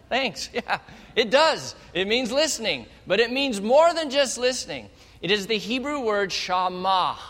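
A male pastor preaching a sermon, telling the story with animated energy and speaking straight to the congregation. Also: sits high, a little slow. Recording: long hall reverb.

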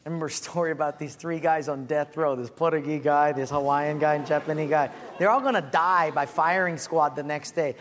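A middle-aged male pastor preaching a sermon, animated and acting out comic stories. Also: on the high side, a little fast, hardly any pauses. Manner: animated storyteller, acts out voices. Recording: echoey church hall, faint ambience.

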